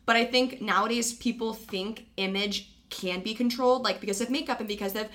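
A woman's voice: fairly high pitch, fairly quick, fairly bright tone. A young woman hosting a casual podcast interview, earnest and reflective as she tells personal stories. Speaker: podcast host.

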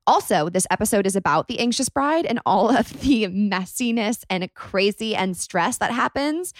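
A woman in her twenties hosts a podcast, speaking at a medium pitch into a dry, close mic. She's a chatty storyteller, retelling events in an animated, rambling way packed with "like."

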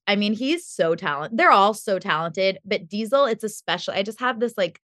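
A woman guest on a podcast interview, telling lively stories about making her show and laughing often. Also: mid-range voice, no echo, studio quality. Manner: animated storytelling, laughs often.

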